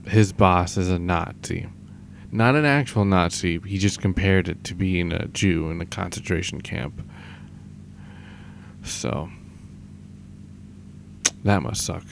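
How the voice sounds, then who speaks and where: A young man talking in a downcast, halting, self-deprecating way in a confessional audio diary. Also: deep voice, creaky, slight background noise. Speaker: vlogger.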